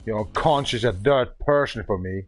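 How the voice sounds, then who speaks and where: A man's voice: on the low side, normal speed, faint music behind. A man from Bavaria with a German accent, ranting profanely and hurling insults at another player during a gaming livestream. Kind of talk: angry livestream rant.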